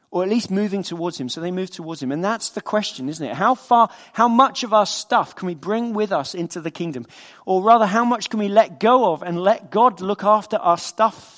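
Earnest, high-voiced male preacher. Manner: earnest, conversational storytelling. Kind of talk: sermon.

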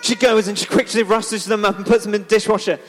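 A man's voice: high-pitched, steady tone, quick pace, a little hiss or hum. A man leading a church children's talk, retelling a story in a chatty, playful way and asking the audience questions. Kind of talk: lively storytelling to a congregation. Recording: echoey hall.

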